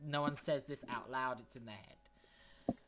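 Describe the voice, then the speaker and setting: A man's voice: medium pitch, unhurried, pushed and bright. A man narrating as game master, explaining rules patiently.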